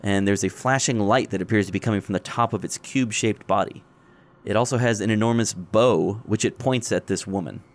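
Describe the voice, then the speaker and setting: A man running a tabletop game as game master, describing scenes in a relaxed way. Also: on the low side, a little fast.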